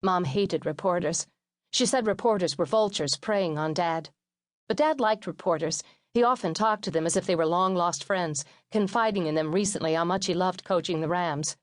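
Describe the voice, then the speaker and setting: A woman reads a memoir audiobook in a steady, measured way, her voice sitting fairly low. The sound is dry and close, as from a studio microphone, with no room around it. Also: no room sound. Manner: steady, measured reading with lightly acted quotes. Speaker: audiobook narrator.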